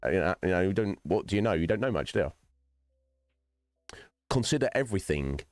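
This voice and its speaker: Rambling low-voiced male streamer. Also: animated, brisk, a little mellow, no echo, soft background music. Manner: rambling, philosophical, swears freely; chats directly to viewers by name. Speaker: streamer host. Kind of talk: casual livestream chat while gaming.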